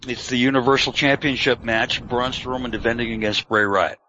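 A man's voice: medium pitch, steady tone, fairly quick, sharp tone, a little hiss or hum. A man hosting a casual chat, laid-back and chuckling as he leads the discussion. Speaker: podcast host. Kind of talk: casual wrestling prediction chat. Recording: dull lo-fi audio.

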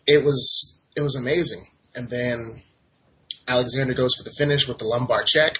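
A man co-hosting a wrestling podcast, recapping matches in animated casual chat. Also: mid-range voice, slight background noise. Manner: animated, laughing, does mock voices in quotes. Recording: dull lo-fi audio.

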